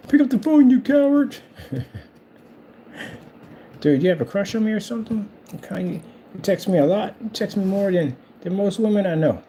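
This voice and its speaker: Male vlog host, gravelly and mellow, rambling and mocking. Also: on the high side, slight background noise. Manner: taunting, rambling and repetitive. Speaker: channel host. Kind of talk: casual trash-talking monologue.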